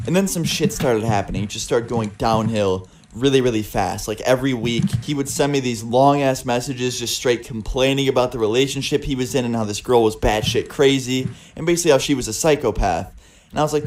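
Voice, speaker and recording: Young male vlogger, mid-pitched, swearing freely in a casual storytelling chat. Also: fast talker, a little mellow. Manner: casual and profane, with a lot of filler words.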